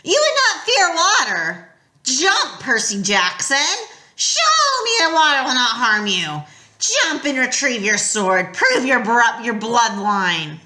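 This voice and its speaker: Brief: woman as a cruel old snake-monster mother, hissing and raspy, high cackling taunts, roomy echo. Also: big pitch swings, pushed and bright, exaggerated voice. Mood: taunting. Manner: mocking, drawn-out taunts.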